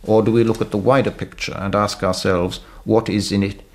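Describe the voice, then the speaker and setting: A man speaking as a government official in an interview, weighing arguments in a deliberate way. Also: on the low side, fairly even intonation, darkish tone.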